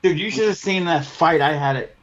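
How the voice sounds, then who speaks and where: A man's voice: a little high, fairly quick, a crowd in the background. Profane storytelling podcast man, lo-fi sound. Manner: profane storyteller who acts out both sides of his arguments. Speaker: podcast co-host. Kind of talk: casual chat. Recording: dull lo-fi podcast audio.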